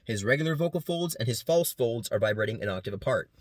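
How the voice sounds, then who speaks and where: In a class presentation, a student explains vocal sounds and beatboxes demos of them between sentences, keeping it casual and quick. His mid-range voice is expressive, and the recording is dry and studio quality.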